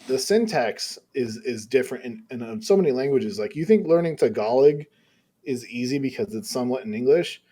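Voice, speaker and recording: A man's voice: mid-range voice, animated, a little fast, dark tone, slightly rough. A young man on a podcast who explains things eagerly with rambling asides. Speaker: podcast co-host. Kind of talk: casual chat.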